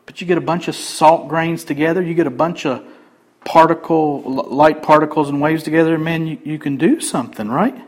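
A man pastor preaching a sermon emphatically, swinging between loud declarations and quiet asides. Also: fairly high pitch, steady tone, fairly quick, poor audio.

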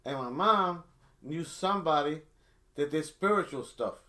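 A man's voice: on the high side, animated, measured pace, sharp tone. A middle-aged man telling a long story in casual chat, rambling with many restarts. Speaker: storyteller guest.

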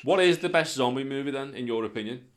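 A man's voice: mid-range voice, fast. A young man, co-hosting a podcast with sweary, jokey banter. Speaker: podcast co-host. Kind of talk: casual banter.

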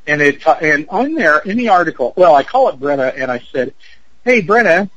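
A man's voice: fairly high pitch, big pitch swings, fairly quick, a bit bright, no room sound, muffled recording. A man in his fifties, an actor and producer, telling a story in an interview in a chatty way, with lots of fillers and acted-out quotes. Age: 50s. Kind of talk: anecdote in an interview.

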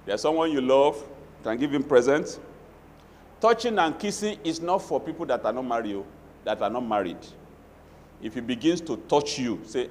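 Nigerian pastor preaching in a reverberant hall. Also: male voice, medium pitch, normal speed, pauses often, slight background noise. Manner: animated preaching with Yoruba asides and acted quotes. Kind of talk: sermon.

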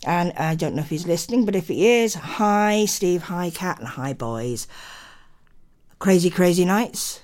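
A woman's voice: fairly low pitch, animated, measured pace, darkish tone. A woman hosting a live radio chat show from a studio, chatting in a rambling way with apologetic asides.

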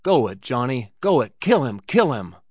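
A man voicing a rowdy cowboy who yells and urges on a fistfight, much higher and louder than his narration. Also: expressive, a little slow, no room sound, clean studio sound, close to an everyday voice. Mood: frenzied yelling. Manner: shouting, urging. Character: rowdy male cowboy yelling at a fight.

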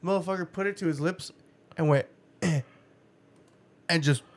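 A man telling a story about his kid in casual chat, animated and swearing, laughing often and breaking into high laughs. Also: slow. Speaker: father, podcast co-host.

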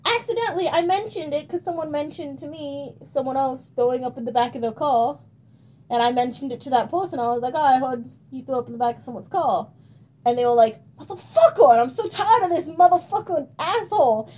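A woman's voice: sits high, fairly quick, a little mellow. A young woman in casual chat, rambling through stories, acting out quotes and swearing freely.

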